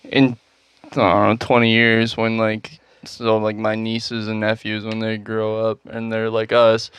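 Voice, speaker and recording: Young male podcast co-host, laid-back and hesitant, smooth voice, dry close sound. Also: fairly low pitch, monotone, measured pace, a bit bright, dry recording. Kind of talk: casual chat.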